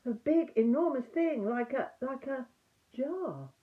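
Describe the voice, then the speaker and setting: A woman's voice: sing-song, a little slow. An older woman voicing a small, timid male piglet who stammers anxiously. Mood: flustered. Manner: squeaky, stammering, fretful. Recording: tinny phone-like sound.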